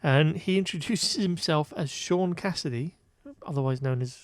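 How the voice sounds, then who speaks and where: A male podcast co-host on the high side, speaking at a moderate pace, recaps a film in relaxed conversation. His tone is wry and exasperated, peppered with fillers, and the recording is dry.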